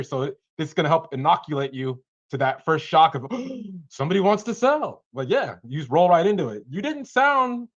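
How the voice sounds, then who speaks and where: A man giving casual coaching feedback on cold calls over a video call, animated and acting out short lines of callers and sellers. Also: on the high side, muffled recording.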